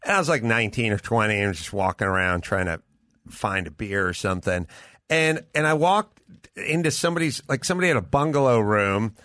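A man, a guest comedian, chatting casually and telling an animated anecdote, acting out the voices of the people in it. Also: fairly low pitch, brisk, dry recording. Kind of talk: casual chat storytelling.

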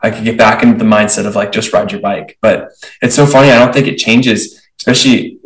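Young male podcast host, set back from the mic in a roomy space, lively and chatty. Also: lowish voice, brisk, distant mic. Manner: animated, chatty, acts out inner thoughts. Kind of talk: casual conversational interview.

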